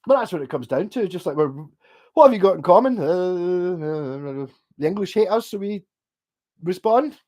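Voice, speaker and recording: Speaking with a softened Glaswegian accent, a Scottish streamer answers viewer comments in a laid-back chat, hopping between topics, tripping over restarts, cursing casually and laughing between ideas. His high-pitched voice is expressive and moves at normal speed.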